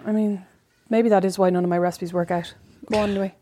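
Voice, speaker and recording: A woman's voice: mid-range voice, steady tone, quick pace, dark tone, slight background noise. A woman from Ireland co-hosting a casual podcast chat in a teasing, playful way. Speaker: podcast co-host.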